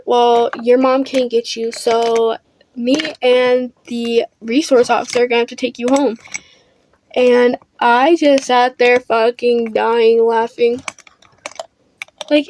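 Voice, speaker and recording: High-voiced, swearing teen girl vlogger. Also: a little mellow, a little hiss or hum. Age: teens. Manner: blunt, profane, defiant. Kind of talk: storytime vlog. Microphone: camera under a ring light.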